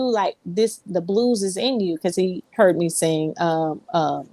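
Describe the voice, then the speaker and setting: A woman's voice: mid-range voice, a little slow, few pauses, a little mellow, no room sound. A woman singer, a guest in an interview, telling her story in a rambling way, full of ums and restarts. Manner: rambling, many fillers and restarts. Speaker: Southern soul singer, guest.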